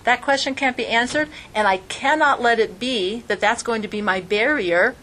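A woman's voice: on the high side, moderate pace, bright, forceful tone. A woman teaching an informal religious class, earnest and conversational, with strings of rhetorical questions. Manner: conversational, frequent fillers like "like".

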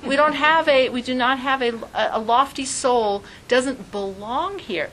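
A woman's voice: on the high side, slight background noise, rough recording. A woman teaching a spiritual talk, telling stories animatedly and often saying "like". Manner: animated storytelling, frequent "like". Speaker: religious teacher.

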